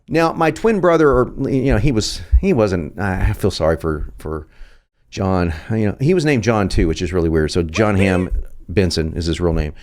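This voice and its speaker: A man's voice: on the low side, a little mellow. A man hosting a copywriting video lesson, talking in a jokey, playful and emphatic way. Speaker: host.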